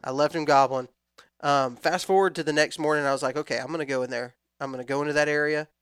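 A man in his thirties telling a long hunting story in a relaxed, rambling way with frequent restarts. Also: fairly high pitch, fast talker, clear, resonant tone, no room sound, studio quality. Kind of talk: casual storytelling chat.

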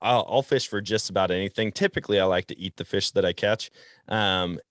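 Male outdoors podcast host from Wisconsin, easygoing storyteller with a lowish voice, dry close mic. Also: a little fast, no room sound. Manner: relaxed storyteller who chuckles often. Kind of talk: casual outdoors chat.

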